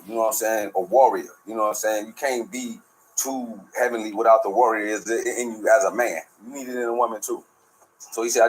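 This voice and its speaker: Fast-talking, profane, preachy streetwise man. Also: lowish voice, flat delivery, slight background noise, rough recording. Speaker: show host. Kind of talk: casual spiritual monologue.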